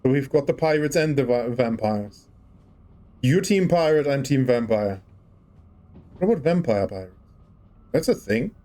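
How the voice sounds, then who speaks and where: A man's voice: mid-range voice, expressive, measured pace, long pauses, warm tone. A man casually chatting on a livestream while playing a game, musing and rambling as he tries out rolled R's. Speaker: game streamer.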